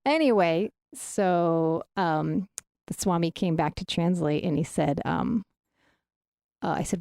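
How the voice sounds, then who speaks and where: A woman's voice: fairly low pitch, a little slow, vocal fry, mellow, dry recording. Enthusiastic woman guest in a radio studio. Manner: enthusiastic, chatty, often trails into restarts. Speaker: radio guest and fellow host. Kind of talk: casual radio chat. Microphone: studio microphone.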